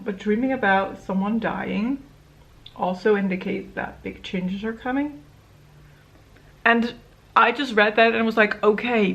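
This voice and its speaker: A young woman talking through a get-ready-with-me video at an unhurried, drawn-out pace. Her voice has a gravelly, fry-edged texture, and she tells her stories candidly, wandering along with little laughs. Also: mid-range voice, fairly bright tone, muffled recording. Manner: rambling, candid storytelling with small laughs. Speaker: beauty vlogger. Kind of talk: casual get-ready-with-me chat.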